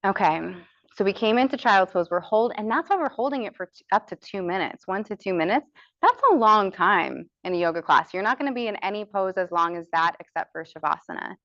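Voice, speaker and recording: A woman's voice: mid-range voice, animated, fairly quick, fairly bright tone, no echo. American woman, yoga trainer; chatty, encouraging instruction with spoken demos; dry, slightly muffled sound. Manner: chatty, encouraging, demonstrates breathing aloud. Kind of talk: teaching a yoga training session.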